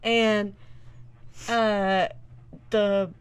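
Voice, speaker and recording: A woman's voice: mid-range voice, little pitch movement, drawn-out words, smooth. A young woman co-hosting a casual podcast chat, agreeable and backing up her friend with short interjections. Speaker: podcast co-host.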